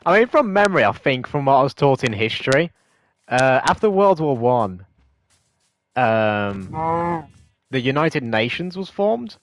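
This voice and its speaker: A man's voice: mid-range voice, big pitch swings, measured pace, long pauses, slight background noise. A British man streaming a game, chatting casually with viewers in rambling, hesitant explanations that often correct themselves. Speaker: gaming streamer.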